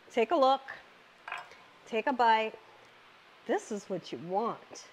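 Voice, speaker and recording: A woman's voice: a little high, expressive, slow, long pauses, dull audio. A middle-aged woman hosting her home cooking channel, chatting exuberantly and speaking straight to her viewers. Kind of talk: casual cooking vlog chat.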